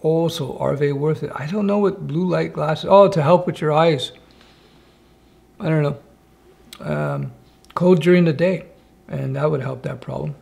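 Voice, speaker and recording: A man hosts a relaxed live stream from his home office, chatting with viewers and reading their questions aloud. His voice sits a little high for a man and carries a gravelly, fried edge, and he answers with wry, offhand asides. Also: a little slow, pauses often.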